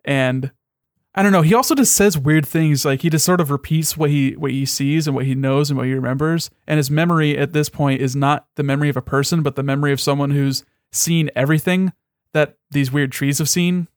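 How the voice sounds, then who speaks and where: A man's voice: a little high, steady tone, a little fast, no room sound, clean studio sound. A young man in casual chat as a podcast co-host, rambling and swearing freely, with many restarts.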